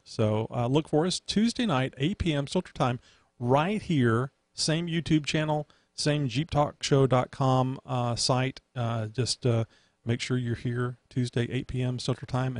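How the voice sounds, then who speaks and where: A man's voice: medium pitch, no echo. A man hosting a casual podcast, rambling with many fillers. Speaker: host.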